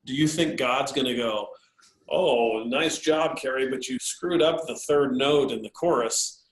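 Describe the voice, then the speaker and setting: A man voicing a cool, calm pastor who gently probes with questions while retelling a story. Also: medium pitch, unhurried, reverberant, natural voice. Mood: calm, probing.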